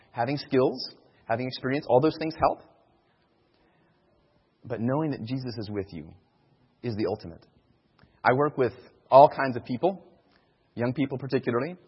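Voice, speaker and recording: In a mid-range voice with a breathy edge, a man gives an informal, earnest sermon on evangelism, repeating key phrases to drive them home. The audio is dull and reverberates around a hall.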